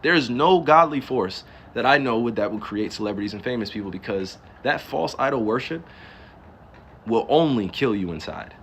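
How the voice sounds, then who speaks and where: New jersey guy ranting on his stream, cussing, throwing out question after question, mid-pitched voice, slight hiss. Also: animated, normal speed, fairly bright tone. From New Jersey, US East Coast. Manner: emphatic and ranting, with rhetorical questions, profanity and laughs. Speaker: livestreamer. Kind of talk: casual live-stream monologue.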